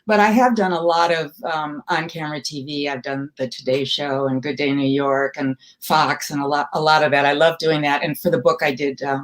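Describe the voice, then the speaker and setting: A woman's voice: low-pitched, normal speed. An older woman from Milwaukee, a comedy writer telling wry, self-deprecating stories in an interview. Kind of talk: storytelling interview.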